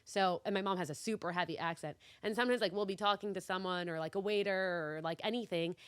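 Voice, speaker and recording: A woman's voice: on the low side, fast, smooth, dry recording. A woman born in Mexico, a podcast co-host, explaining ideas in casual chat with academic asides.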